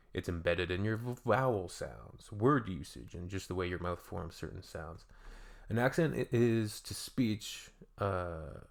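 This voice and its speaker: A Canadian man hosting a reaction video, reading comments aloud and adding dry, joking asides in a casual tone. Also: lowish voice.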